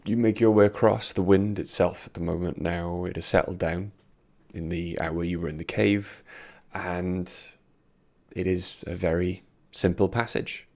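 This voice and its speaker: A man's voice: sits low, steady tone, measured pace, creaky, darkish tone. A British man running a tabletop game as dungeon master, narrating casually with lots of ums and restarts. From Britain.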